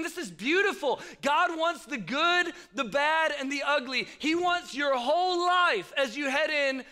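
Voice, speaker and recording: High, bright-voiced young pastor. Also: male voice, lively intonation, moderate pace, few pauses. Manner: chatty, joking, addresses the crowd directly. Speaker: youth pastor. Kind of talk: casual youth sermon with stories.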